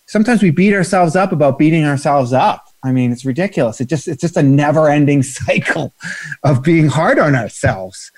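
A man leading a guided breathing exercise and talking casually about breath work, slow and soothing, with loose filler phrases, on a video call. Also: fairly high pitch, animated.

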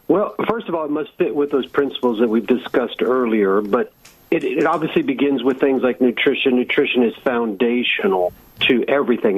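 A man's voice: mid-range voice, slightly rough, poor audio. A man who is a medical doctor, answering interview questions in an earnest, explanatory way and building up to emphatic points.

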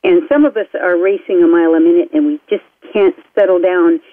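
A woman hosting a talk show, speaking fast and eagerly. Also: on the low side, steady tone, no echo. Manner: fast-talking and enthusiastic. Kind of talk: casual talk-radio chat. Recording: tinny phone line, dry.

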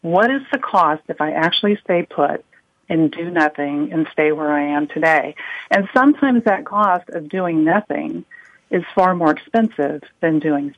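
A woman consultant guest explaining her points on a panel in a relaxed way, with ums. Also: low-pitched, no echo. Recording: dull dry line.

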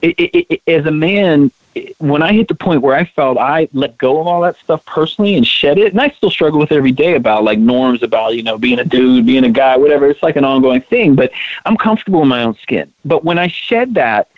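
A man's voice: fairly high pitch, lively intonation, brisk, no room sound. A man being interviewed as a guest, talking earnestly and emphatically, often repeating words as he restarts his sentences. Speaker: interview guest, co-founder of a women's leadership project. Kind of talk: conversational interview. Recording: tinny phone-line sound, dry.

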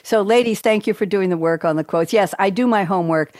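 A middle-aged woman hosting a talk show, chatty and playful, with lively asides. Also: medium pitch, fast talker, dry recording, clean studio sound. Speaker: host.

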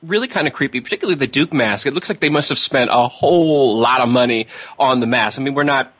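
A man's voice: mid-range voice, fast, a bit bright. A man hosting an interview, asking playful and friendly questions. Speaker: interviewer host. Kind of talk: casual interview.

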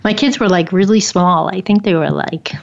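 A woman guest telling a personal story in a relaxed, reflective way, with many "like" fillers. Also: lowish voice, moderate pace, vocal fry. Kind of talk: casual storytelling. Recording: dull lo-fi sound.

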